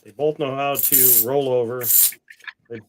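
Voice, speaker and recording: A man with an unhurried, drawn-out way of speaking, running a casual livestream. He jokes with viewers, swears now and then, and snaps short, firm commands at his pets. His voice sits at an average pitch, with a faint hiss in the background. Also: steady tone. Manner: chatty and joking, with the odd swear. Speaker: coin-hunting livestream host. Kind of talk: casual chat while training his dogs.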